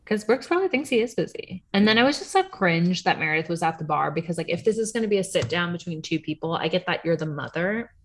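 A woman's voice: on the low side, big pitch swings, fast talker, hardly any pauses, slight background noise. A young adult woman co-hosting a podcast in casual chat, sarcastic, laughing often and swearing freely. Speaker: podcast co-host.

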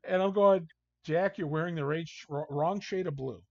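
A man's voice: a little high, normal speed, creaky, dry recording. A man, a hockey coach guest, telling casual anecdotes and acting out what people said. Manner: animated storyteller, acts out quotes. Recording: dull, dry lo-fi sound.

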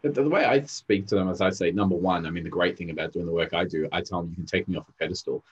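A man with a very low, husky voice who talks quickly and intensely. He tells stories in a casual podcast chat and acts out the people in them. His delivery is driven and animated. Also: lo-fi sound. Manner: intense, storytelling, acts out quotes. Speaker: therapist and coach.

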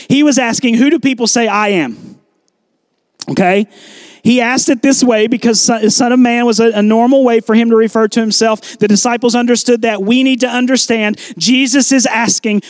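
A man pastor preaching a sermon, animated, acting out biblical dialogue with shifting volume. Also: very high-pitched, dry recording, clean studio sound.

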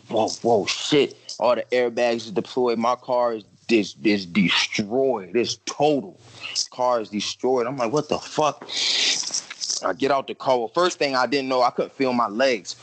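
A man's voice: medium pitch, normal speed, poor audio. A young man on a podcast telling a story in casual, profane slang and acting out his own quotes.

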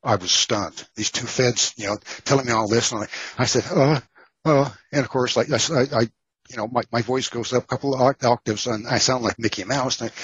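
Husky, muffled Texan-born male author. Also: mid-range voice, a little fast, a bit bright, no room sound. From Texas. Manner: rambling, many fillers and restarts. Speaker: author guest. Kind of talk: casual storytelling interview.

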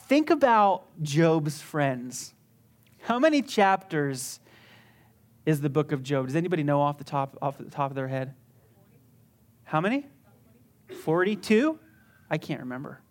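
A pastor preaching a sermon emphatically, often repeating words and restarting phrases, shifting between urgent stretches and quiet low passages. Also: sing-song, a little slow, long pauses.

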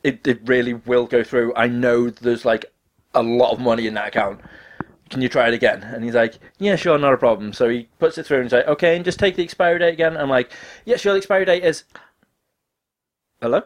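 A man's voice: mid-range voice, fast. A young man telling a story in casual chat, swearing freely and acting out what other people said. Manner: animated, swears often, acts out quoted dialogue.

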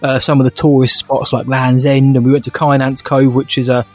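A man's voice: medium pitch, flat delivery, brisk, darkish tone, soft background music. A young man co-hosting a podcast, chatting casually with jokey, upbeat banter. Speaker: podcast co-host. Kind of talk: casual chat.

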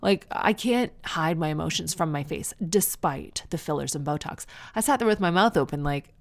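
A woman's voice: low-pitched, expressive, moderate pace. A Canadian woman in her thirties talking in a casual, wry, self-mocking monologue as a podcast host. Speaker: podcast host and new mother.

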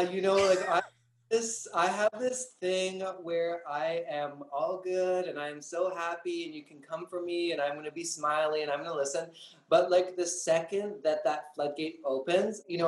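A man's voice: a little high, slight background noise. A profane, dramatic drag queen. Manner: profane, dramatic, acts out his own lines. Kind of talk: candid interview talk. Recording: roomy echo.

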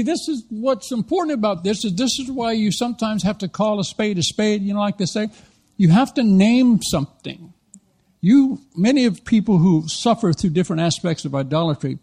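A middle-aged American man preaches a sermon as an animated storyteller, acting out the lines he quotes. His pitch is fairly high.

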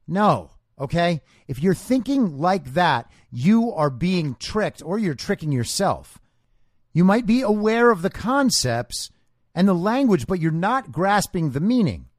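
A man's voice: on the high side, dry recording, studio quality. A man hosting a political commentary show, talking in a combative, sarcastic, lecturing way. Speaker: podcast host.

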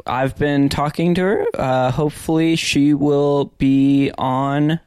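A man co-hosting a podcast, speaking in short, measured remarks. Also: a little high, steady tone, a little mellow, smooth, no room sound, studio quality. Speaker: podcast co-host. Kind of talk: casual podcast chat.

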